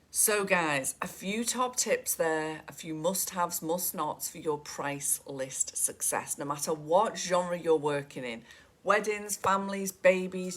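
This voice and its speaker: A middle-aged woman giving a chatty, direct coaching talk to photographers and calling them "guys". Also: on the low side.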